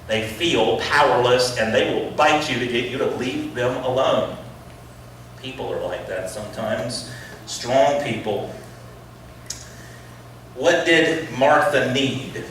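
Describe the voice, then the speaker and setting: A man's voice: medium pitch, distant mic, a little hiss or hum. Man preaching in an echoey hall. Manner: acts out quoted voices, swings from loud to hushed. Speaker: school chapel speaker. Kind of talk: sermon.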